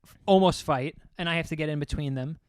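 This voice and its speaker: A young man and comedian telling a story in casual podcast chat, animated and rambling, and often acting out quotes. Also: fairly high pitch, fast talker, smooth, no room sound, studio quality.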